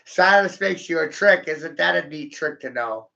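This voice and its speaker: Man, rambling profane vlogger with a fry in the voice, dull lo-fi audio. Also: on the high side, animated, moderate pace, sharp tone. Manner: profane, taunting, laughs at own jokes. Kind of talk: rambling vlog monologue.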